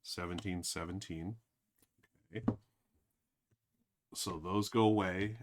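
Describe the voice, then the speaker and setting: A man with a low, fairly even voice streams a board game, speaking slowly and thinking aloud with lots of fillers. His casual live commentary is aimed straight at his chat, with background noise present.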